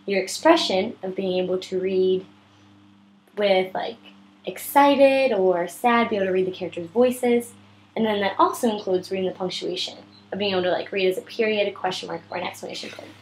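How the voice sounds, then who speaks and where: A woman's voice: medium pitch, fairly even intonation, brisk, slight background noise, poor audio. A woman with a sore throat patiently tutoring a child in reading, explaining step by step. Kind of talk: one-on-one reading lesson.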